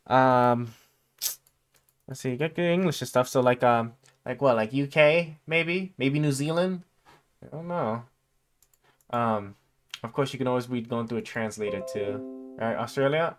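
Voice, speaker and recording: A man hosting a casual live stream chat, thinking aloud with lots of fillers and sometimes reading text aloud. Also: on the high side. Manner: reads text aloud haltingly. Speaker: livestream host.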